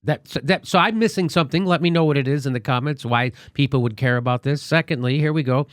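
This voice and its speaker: A man's voice: mid-range voice, quick pace, no room sound, clean studio sound. A man hosting a political commentary show, talking in a sarcastic, casual, rambling way. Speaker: comedian host.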